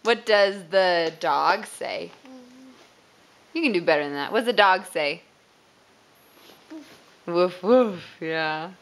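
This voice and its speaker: Slow, coaxing mother quizzing a toddler. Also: fairly low pitch. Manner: slow, encouraging, praising with frequent laughs. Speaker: parent. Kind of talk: coaxing a toddler through animal sounds and baby signs.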